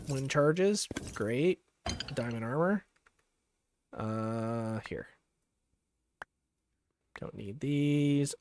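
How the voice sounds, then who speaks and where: A man's voice: mid-range voice, darkish tone, a little hiss or hum. A young man streaming a game, casually telling rambling stories full of fillers. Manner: rambling, filler-heavy, chuckling. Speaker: gaming streamer. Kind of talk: casual storytelling while gaming.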